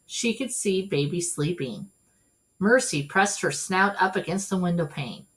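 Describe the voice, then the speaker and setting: A woman reading a children's storybook aloud in an expressive, animated way. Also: lowish voice, a little slow. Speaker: storybook reader.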